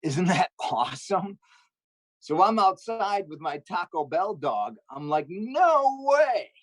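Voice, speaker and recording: Upbeat joking man, fairly high voice. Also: lively intonation, no echo, rough recording. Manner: upbeat, jokey storytelling with quick asides. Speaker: stand-up comedian. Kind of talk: stand-up comedy set on a charity livestream.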